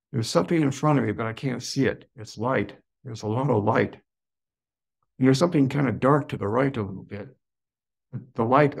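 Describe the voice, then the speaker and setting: A man who is a podcast guest tells a personal story. His delivery is slow and full of wonder, with sudden excited rises. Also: mid-range voice, vocal fry, slightly rough.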